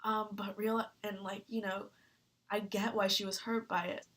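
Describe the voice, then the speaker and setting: A woman's voice: medium pitch, little pitch movement, a bit bright. Earnest young woman vlogger, near tears. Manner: earnest, halting, many fillers. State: tearful. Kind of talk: personal advice vlog.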